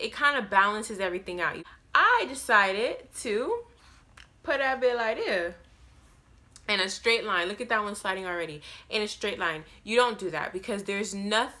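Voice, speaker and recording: A young adult woman vlogger telling a story about her serving job in a rambling, animated way with many restarts. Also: medium pitch. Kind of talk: storytime vlog.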